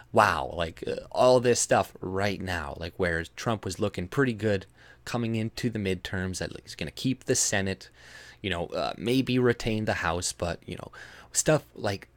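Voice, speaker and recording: A man's voice: on the low side, no room sound. A man from Canada giving a heated, swearing video rant, breaking into scoffing laughs and mocking other people's voices. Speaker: political commentator. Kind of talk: ranting video commentary.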